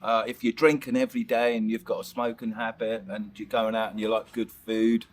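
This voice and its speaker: A man's voice: fairly low pitch, level tone, fairly quick. An English man with a Norwich accent chatting in a casual interview, rambling and laughing with many restarts. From England. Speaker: vlogger, interview guest. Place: outdoors at a lakeside park.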